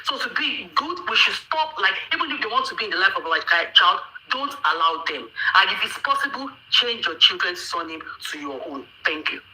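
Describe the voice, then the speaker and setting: Caller: Nigerian woman, sharp bright tone, lecturing and repeating herself, roomy phone sound. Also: mid-range voice, very animated, a little fast, hardly any pauses. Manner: preachy, repetitive, with frequent restarts. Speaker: caller on a live audio chat. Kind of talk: impassioned opinion on a live chat.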